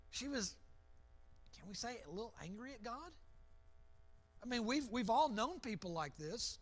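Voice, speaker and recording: A man's voice: very high voice, animated, normal speed, long pauses. A man, a pastor, giving an evening Bible lesson as an imaginative story, often repeating words as he goes. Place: church.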